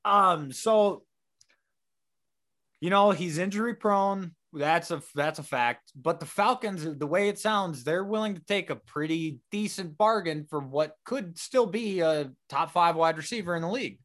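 A man's voice: sits high, unhurried, fairly bright tone. A man co-hosting a casual sports talk show, often restarting his sentences as he thinks aloud. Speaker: podcast co-host.

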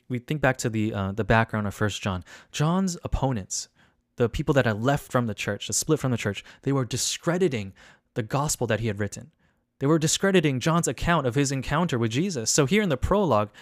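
A male pastor delivers a sermon in an earnest, repetitive way, lifting his voice on the questions he wants his listeners to answer. His pitch sits in the middle range. The sound is dry and close, with no room echo. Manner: earnest, repetitive, rising emphasis on key questions. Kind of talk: online sermon.

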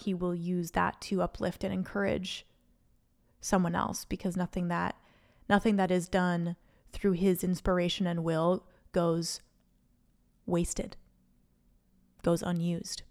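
A woman's voice: fairly low pitch, a little mellow. A woman hosting her own podcast, talking solo into a microphone in an earnest, faith-filled, rambling stream of consciousness. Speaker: podcast host. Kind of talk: unscripted solo podcast reflection. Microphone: studio microphone.

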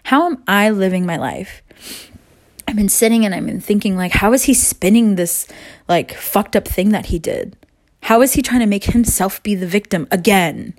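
Twenties woman venting on camera, swears a lot, rambly, moving room to room, mid pitch. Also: moderate pace. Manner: candid, rambling, swears freely. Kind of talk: casual personal vlog monologue. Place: moving between rooms at home.

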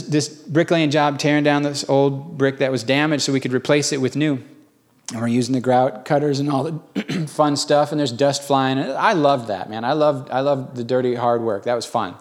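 A man preaching a sermon in a folksy, lively storytelling way. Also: mid-range voice, moderate pace. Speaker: pastor.

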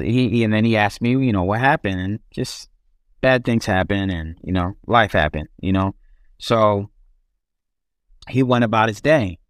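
A man's voice: fairly low pitch, no room sound, clean studio sound. A young man casually telling his life story as an interview guest, loose and rambling with many restarts.

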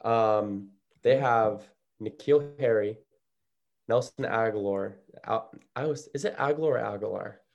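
A man drifts through casual sports talk in a loose, rambling way. His voice sits low and sounds soft and mellow. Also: slow pace, highs cut off. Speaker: podcast co-host.

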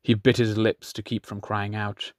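Lowish-voiced man narrating an audiobook. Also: level tone, normal speed, no echo, studio quality.

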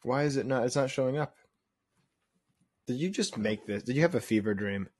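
A man co-hosting a casual podcast, quick-witted and teasing. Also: mid-range voice, lively intonation, darkish tone, husky. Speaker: podcast co-host. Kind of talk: casual chat.

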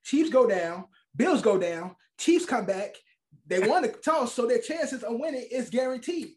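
High-pitched sarcastic man co-hosting a podcast. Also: expressive, a little slow. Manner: loud, sarcastic, repeats phrases. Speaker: podcast co-host. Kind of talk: casual sports chat.

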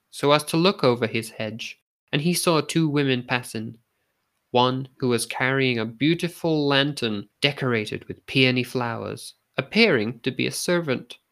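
A male storyteller reads a folk tale aloud. His pitch sits in the middle range, and his pacing is measured and unhurried. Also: a bit bright. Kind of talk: scripted narration of a folk tale.

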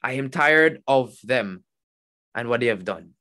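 Male preacher, mid-pitched, animated sermon delivery with frequent repetition. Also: a little slow. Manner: animated, rising and falling emphasis, repeats and restarts.

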